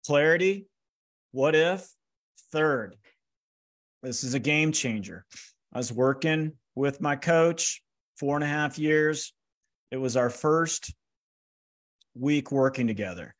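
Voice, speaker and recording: A man's voice: fairly high pitch, slow, pauses often. Guy doing a pumped-up motivational talk, tells stories, plays out the dialogue. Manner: energetic, acts out quoted dialogue. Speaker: speaker giving a finance workshop. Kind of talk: animated motivational storytelling.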